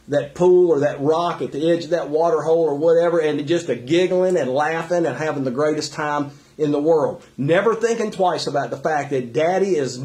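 Earnest man preaching, higher voice. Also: darkish tone. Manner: earnest, conversational preaching with many fillers and restarts. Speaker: pastor. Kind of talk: sermon.

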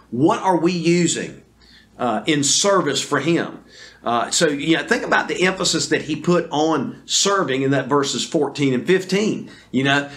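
A man's fairly high voice preaches a sermon to a video audience. He speaks earnestly and deliberately as a pastor, often stopping to restart his phrases with fillers. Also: fairly bright tone. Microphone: camera recording.

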